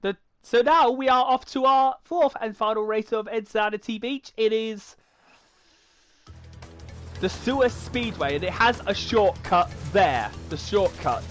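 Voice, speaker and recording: A man's voice: high voice, measured pace, dry recording. A young man streaming a racing game, chatting to his viewers in a rambling, stop-start way while he plays. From United Kingdom. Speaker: gaming streamer. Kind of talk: live gameplay commentary. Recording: game music loud under the voice. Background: loud racing game music.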